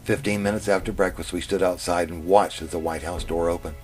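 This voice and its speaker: A man telling his own memoir in the first person, in a plain, steady way. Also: low-pitched, a little fast. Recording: music playing under the narration.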